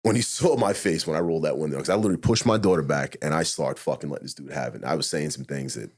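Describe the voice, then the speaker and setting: Retired cop, male, very low husky voice, rapid-fire blunt storytelling, heavy swearing. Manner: blunt, profane, animated retelling with acted-out inner quotes. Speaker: retired police officer, podcast guest. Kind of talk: casual storytelling interview.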